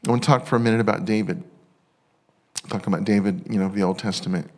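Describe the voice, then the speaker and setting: Excitable halting male pastor, lowish voice. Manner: excitable, halting, many restarts; tender and emotional at times. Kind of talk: sermon.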